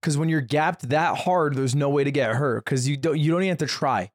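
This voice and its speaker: A man's voice: on the high side, fairly quick, no room sound, studio quality. A man co-hosting a podcast in casual chat, explaining things plainly and teasing his friends. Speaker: podcast co-host.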